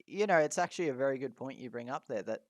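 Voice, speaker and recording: A man's voice: mid-range voice, expressive, quick pace, no echo. A young man co-hosting a casual podcast, upbeat and encouraging as he asks questions. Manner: upbeat and encouraging, laughs readily. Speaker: podcast co-host.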